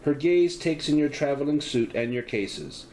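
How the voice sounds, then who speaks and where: A man narrating a solo tabletop horror game as game master, describing each scene and offering a player her choices. His pitch rises and falls a lot, and faint noise hangs under his voice. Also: animated, normal speed, darkish tone, poor audio.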